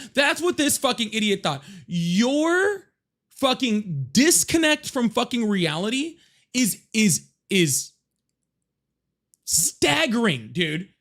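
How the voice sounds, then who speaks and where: A man hosting a live political debate, angry and profane, shouting and repeating himself insistently. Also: extremely high pitch. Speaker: livestream debate host. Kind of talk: heated live political argument.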